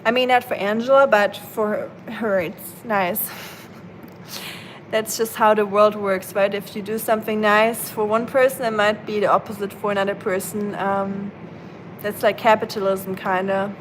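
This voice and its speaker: A woman's voice: mid-range voice, flat delivery, normal speed, a little hiss or hum, rough recording. A woman live streaming and chatting casually with her viewers, playful and laughing often. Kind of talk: casual chat. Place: at home, rain outside. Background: rain ambience.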